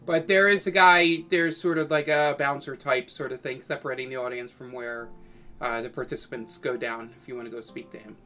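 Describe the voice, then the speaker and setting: A man narrating a tabletop game as game master, hesitant and full of pauses. His pitch sits in the middle. Soft guitar music plays faintly behind him. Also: fairly even intonation. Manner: hesitant, many ums.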